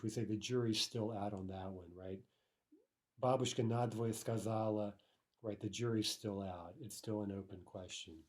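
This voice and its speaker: A man's voice: on the low side, dark tone. Patient man teaching a grammar lesson. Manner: explains patiently, often checks in with "right?". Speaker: language teacher.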